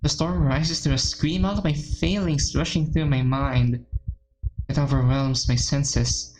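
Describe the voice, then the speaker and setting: Brief: a woman as a despairing timid teen schoolgirl, deep and shaky, faint hiss. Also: steady tone, unhurried, poor audio. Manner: quiet, shaky, self-pitying first-person narration. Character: shy, self-loathing teenage girl, tearful. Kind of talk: first-person visual novel reading.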